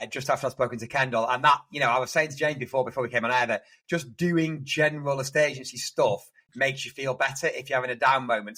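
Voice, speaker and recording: A man's voice: mid-range voice, sharp tone, poor audio. A man co-hosting a casual podcast, telling rambling work anecdotes with lots of restarts. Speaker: podcast co-host, estate agent.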